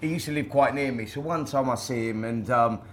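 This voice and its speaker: A man's voice: mid-range voice, fairly quick, fairly bright tone. A middle-aged man, a former boxer guesting on a podcast, telling stories in a casual, rambling way with many repeated words. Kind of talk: casual storytelling.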